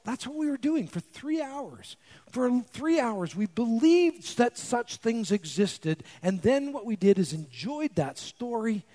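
Guy lecturing a class, swoopy lively voice, tells stories n acts them out. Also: high voice. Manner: animated storyteller, acts out quotes.

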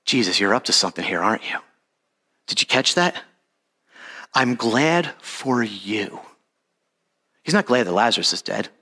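A man's voice: on the low side, sharp tone, slightly rough. A man giving a casual, conversational sermon, acting out Bible characters in an everyday modern voice. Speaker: preacher.

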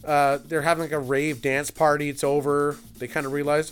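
A man with a slightly raised pitch talks loosely through a movie he is clicking through at his computer. His commentary rambles, swears freely and jokes, and faint music plays underneath. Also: normal speed, few pauses, a bit bright, clear, resonant tone. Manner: rambling, profane, joking. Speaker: film reviewer. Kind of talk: casual movie recap commentary.

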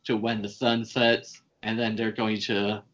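A man's voice: on the low side, little pitch movement, measured pace, a bit bright, highs cut off. Man casually recapping a movie plot. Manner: rambling plot retelling with swearing and fillers. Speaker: podcast host.

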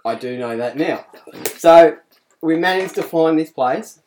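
A young Australian-accented man in his twenties chats and protests good-naturedly, laughing a lot. His voice sits a touch higher than most men's. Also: animated, unhurried, a little mellow. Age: 20s. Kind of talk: casual chat.

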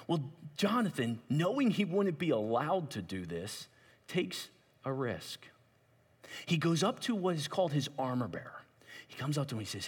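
A male preacher telling a story with animated delivery and asides to young listeners. His voice is somewhat husky and sits a touch high for a man, swinging widely in pitch. A long hall reverb surrounds him. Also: normal speed. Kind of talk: sermon.

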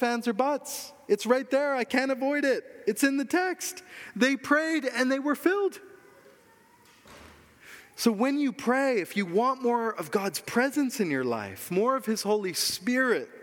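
A man's voice: extremely high pitch, lively intonation, unhurried, fairly bright tone, long reverb tail. A man preaching a sermon as pastor, earnest and emphatic, repeating key phrases for weight.

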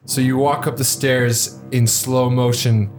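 A man's voice: medium pitch, flat delivery, measured pace. A man narrating a tabletop game as game master, with vivid, descriptive scene-setting. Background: background music.

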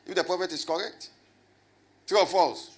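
A man preaching a lively sermon as a pastor, swinging from loud shouts to low asides and calling on the congregation to answer. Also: moderate pace. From Ghana. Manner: animated, rising to shouts and dropping low, with call and response.

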